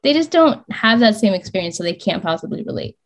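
A young woman from the United States talks as a podcast guest, her voice sitting at an everyday middle pitch. She speaks candidly and chattily, leaning on "like" and laughing often. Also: very animated, fast. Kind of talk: casual podcast chat.

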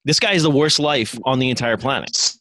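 A man's voice: medium pitch, brisk, a bit bright, dry recording. A man co-hosting a podcast, cracking profane jokes and laughing through casual banter. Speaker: podcast co-host.

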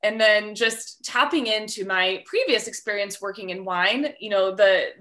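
A woman chats as a guest on a podcast, and her voice comes across bright and lively. She explains things at length in a friendly way, with a few ums and light laughs along the way. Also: mid-range voice, moderate pace. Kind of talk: casual interview chat.

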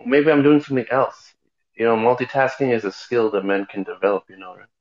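A man's voice: medium pitch, brisk. Lecturing man in his thirties, lo-fi chat. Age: 30s. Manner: lecturing, needling. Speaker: voice chat participant. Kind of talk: argumentative group voice chat.

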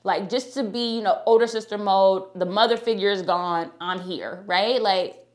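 A young adult woman hosting a podcast, chatty and animated, talking directly to her listeners and reading her own ad. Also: mid-range voice, moderate pace. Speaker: podcast host. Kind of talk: casual podcast talk with ad read.

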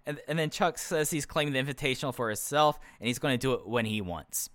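A man's voice: mid-range voice, lively intonation, brisk, hardly any pauses, fairly bright tone, no echo. A man co-hosting a podcast, chatting casually and with strong opinions, often restarting his sentences. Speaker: podcast co-host. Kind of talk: casual chat reviewing a wrestling show.

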